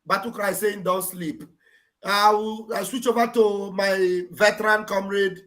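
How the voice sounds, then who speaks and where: High-pitched male live-show host. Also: little pitch movement, measured pace, a bit bright. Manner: encouraging, repeats phrases. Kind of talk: live online talk show.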